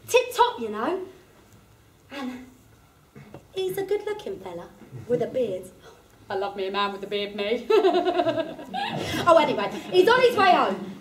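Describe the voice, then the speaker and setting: A woman's voice: on the high side, reverberant, slight background noise. An actress playing a chatty working-class woman, in a one-woman stage monologue. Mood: gossipy. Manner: gossipy, laughing storyteller. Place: theatre performance space.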